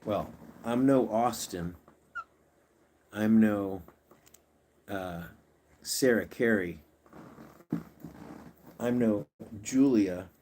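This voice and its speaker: A man's voice: lowish voice, extremely slow, long pauses, darkish tone, slight background noise. A man hosting a casual livestream, coaxing his pets and chatting with viewers. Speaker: pet channel host.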